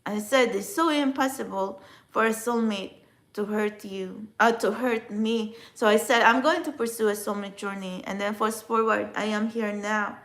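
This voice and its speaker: A woman whose first language is a Filipino dialect, vlogging about her past in a rambling, emotional way with many restarts. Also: fairly high pitch. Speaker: spiritual vlogger. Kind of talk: emotional personal vlog.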